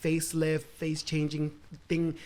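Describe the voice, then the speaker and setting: A woman's voice: deep voice, a little slow. A woman co-hosting a podcast, chatting casually with lots of slang and frequent laughter. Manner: animated, slangy, laughs often. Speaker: podcast co-host. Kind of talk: casual chat.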